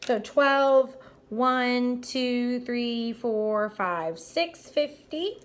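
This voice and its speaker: A woman teacher talks through math problems out loud, one step at a time. Her voice sits fairly high, and her manner is upbeat and encouraging as she praises her listeners. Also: very slow. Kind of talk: math lesson walkthrough.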